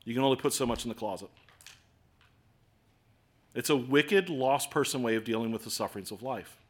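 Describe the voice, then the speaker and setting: A man in his forties preaching a sermon in a conversational, self-deprecating way, with swings between loud and soft. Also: medium pitch, brisk, husky. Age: 40s. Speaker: pastor.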